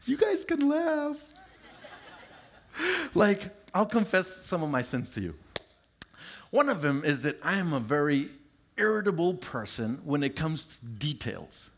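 A middle-aged male pastor preaching a sermon, animated and confessional, joking with his congregation and stretching words out for emphasis. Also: measured pace, long pauses. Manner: animated and confessional, draws out words, shifts pitch sharply for emphasis; lively, joking asides to the congregation.

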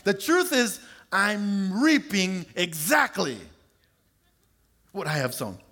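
A middle-aged male pastor preaching a sermon, animated and confessional, joking with his congregation and stretching words out for emphasis. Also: takes it slowly. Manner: animated and confessional, draws out words, shifts pitch sharply for emphasis; lively, joking asides to the congregation.

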